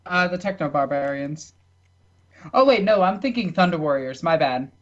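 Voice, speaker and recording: A man with a somewhat high voice hosts a casual podcast and chats in a blunt, offhand way. His audio sounds dull and lo-fi, as if over an online call. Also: animated, moderate pace.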